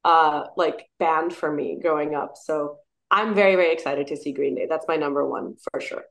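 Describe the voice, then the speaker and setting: Brief: thirtysomething woman, upbeat interviewee, chatty and warm laughter, lower register. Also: fairly even intonation, moderate pace. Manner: enthusiastic, laughs often, restarts. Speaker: musician and actor, interview guest. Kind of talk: casual interview chat.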